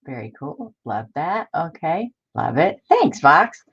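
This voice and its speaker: Chatty woman crafter, low voice, lo-fi sound. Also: slow pace, husky. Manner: chatty and excitable, greets viewers by name. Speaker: crafting channel host. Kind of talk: casual live-stream crafting chat.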